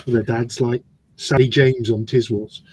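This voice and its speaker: A man's voice: mid-range voice, level tone, unhurried, darkish tone, slightly rough, dry recording. A man chatting on a casual model-building livestream, remarking on poorly fitting parts and reminiscing. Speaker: co-host building a model kit.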